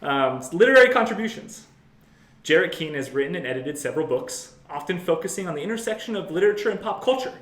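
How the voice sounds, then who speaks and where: Fast-talking, higher-pitched male co-host. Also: lively intonation, a bit bright, reverberant. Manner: jokey, laughs often, reads aloud. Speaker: podcast co-host. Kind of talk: casual podcast chat, reading an introduction.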